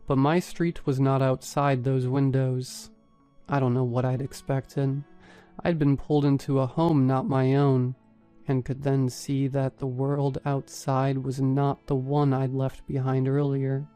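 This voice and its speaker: A man narrating a first-person horror story in a steady, even storytelling manner. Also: medium pitch, measured pace, smooth, faint music behind. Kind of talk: scripted narration.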